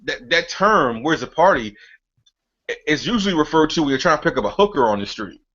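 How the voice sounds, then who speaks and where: A man jokes and teases in casual conversation, his voice moving up and down freely. His tone is bright and fairly high. The recording sounds muffled and lo-fi. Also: very animated, fairly quick. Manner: teasing, laughing commentary. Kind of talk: casual chat.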